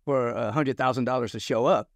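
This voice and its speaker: A man's voice: medium pitch, a little fast, gravelly, no room sound, studio quality. A man hosting an interview podcast, summing up his guest's points one by one. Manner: sums up the guest's points in numbered steps. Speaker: podcast host. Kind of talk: conversational interview.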